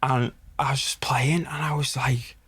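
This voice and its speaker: A man from the Wirral with a Merseyside accent, a podcast guest telling stories in a relaxed, sweary way and often laughing. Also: mid-range voice, normal speed, breathy edge, dry recording. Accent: Merseyside English. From Wirral, England. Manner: laid-back, sweary, laughs through his stories. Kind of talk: casual storytelling chat.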